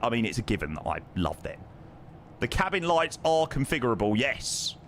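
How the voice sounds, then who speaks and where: A man's voice: medium pitch, sing-song, moderate pace, fairly bright tone, slight background noise. A man with a London accent chatting casually on a live flight sim stream, thanking viewers and answering their questions. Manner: chatty, reads viewer names and questions aloud.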